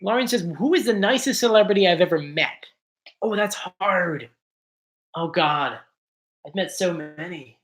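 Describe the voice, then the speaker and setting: A man's voice: sits high, lively intonation, unhurried, pauses often, a bit bright. A man from South Jersey hosting a casual livestream, reading viewer comments and answering in a chatty, rambling way full of likes and ums. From South Jersey, USA. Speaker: YouTube show host.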